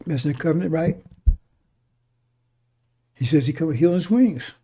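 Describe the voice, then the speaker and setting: A man's voice: fairly high pitch, expressive, moderate pace, dark tone, breathy edge. A man preaching a sermon, reading scripture aloud and then explaining it in casual talk, often asking "right?". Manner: reads verses then explains in casual speech, many restarts and "right?".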